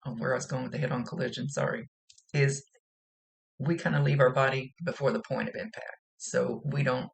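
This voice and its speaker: A woman's voice: a bass voice, fairly even intonation, brisk, gravelly. A woman working as a psychic medium, giving a rambling, chatty reading and often laughing. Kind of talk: casual spoken reading.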